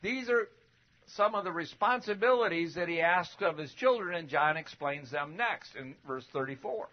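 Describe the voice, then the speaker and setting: A man preaching a sermon in a conversational way, asking rhetorical questions and swinging from loud emphatic bursts to quiet asides. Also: on the high side, animated, normal speed. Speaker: preacher teaching a Bible lesson. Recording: dull lo-fi recording.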